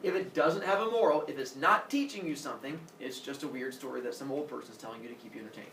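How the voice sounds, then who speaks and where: A man teaching a class, mixing a lecture with comic storytelling, acting out voices and sound effects in an animated, jokey way. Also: medium pitch, quick pace, creaky. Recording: roomy echo, mic far off, faint room noise.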